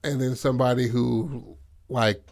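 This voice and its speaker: A man's voice: mid-range voice, steady tone, a little slow, a little mellow. A man co-hosting a podcast who casually retells a movie plot in a rambling, profane way, leaning on filler phrases. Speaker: podcast co-host.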